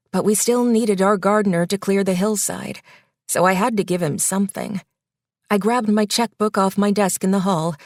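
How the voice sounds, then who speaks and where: A woman narrating a first-person audiobook in a measured, wry reading. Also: lowish voice, darkish tone, no room sound, clean studio sound.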